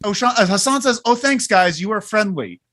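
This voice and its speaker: A man's voice: sits high, animated, a little fast, a bit bright. A young man co-hosting a casual podcast, reading listener comments aloud and laughing often. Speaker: podcast co-host. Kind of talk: casual chat.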